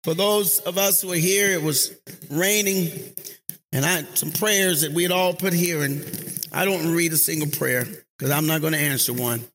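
Male pastor, sermon in a church, call-and-response, half-sung chanting, high bright voice, faint room ambience. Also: moderate pace, slight background noise. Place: church sanctuary.

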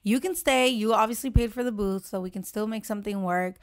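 A young woman in casual chat, telling a story with lively acted-out quotes and frequent swearing. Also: medium pitch, fairly quick. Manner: animated storytelling, acts out quotes, swears freely.

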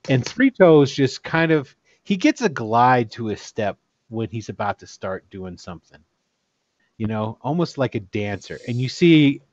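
A man's voice: mid-range voice, no echo, dull audio. A man running a tabletop game as game master, narrating in a loose, casual way.

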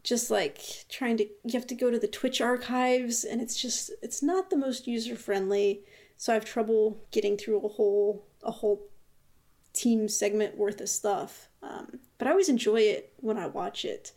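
A woman with a fairly high voice co-hosts a casual gaming podcast. She talks in a chatty, hesitant way, full of fillers and restarts. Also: fairly even intonation, moderate pace, warm tone. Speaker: podcast co-host. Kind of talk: casual chat.

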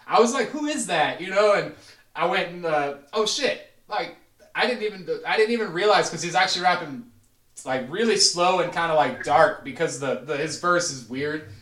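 Male podcast host, relaxed slangy chat, roomy distant recording. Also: a little high, moderate pace. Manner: relaxed, prompts the others, profane slang. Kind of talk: casual chat.

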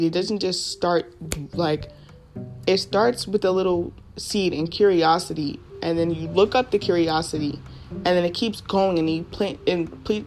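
Excitable young woman with soft guitar music behind. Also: lowish voice. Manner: casual, excitable storytelling with lots of fillers. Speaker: podcast host. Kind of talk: personal testimony podcast.

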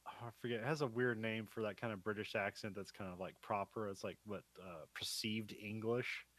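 A man's voice: fairly low pitch, fairly even intonation, fairly quick, fairly bright tone. A man co-hosting a film podcast, recapping scenes in a loose, chatty way and laughing often. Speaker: podcast co-host.

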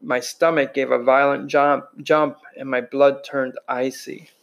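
A man reading a novel aloud in a mid-pitched voice. His reading is plain and unpolished, with the occasional restart or stumble over a phrase. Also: flat delivery, a little slow, creaky, rough recording. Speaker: reader.

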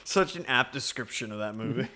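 A man co-hosting a podcast, joking in a deadpan way in casual chat. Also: medium pitch, fairly quick. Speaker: podcast co-host.

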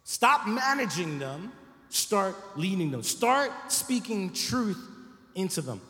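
A man's voice: sits high, sing-song, slow pace, sharp tone. A man preaching a sermon as pastor, talking to the congregation in a conversational way and often checking in with "right?". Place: church sanctuary. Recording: echoey church hall.

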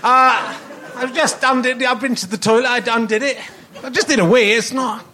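An English man with a fairly high voice opens a live comedy podcast on a theatre stage. He rambles and mocks himself in a dry, sarcastic way, with a faint hum of the room behind him. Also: fairly even intonation, brisk, sharp tone. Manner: rambling, self-mocking, sarcastic. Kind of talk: live stand-up style podcast intro.

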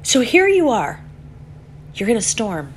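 Woman preaching an animated sermon. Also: fairly high pitch, measured pace, slight background noise. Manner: animated storytelling, voice rises for acted pleas, drops soft for calm.

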